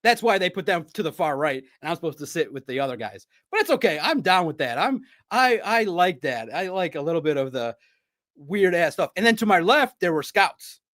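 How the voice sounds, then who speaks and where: A man hosting a sports podcast, chatting casually and telling animated stories with frequent laughter. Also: a little high, brisk. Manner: animated storyteller, laughs often, mimics shouting. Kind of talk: casual livestream chat.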